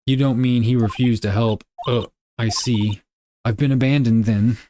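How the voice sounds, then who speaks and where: A man voicing a cheerful but anxious young woman, higher than his own voice. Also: steady tone, normal speed, dark tone, a little hiss or hum, natural voice. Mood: hopeful.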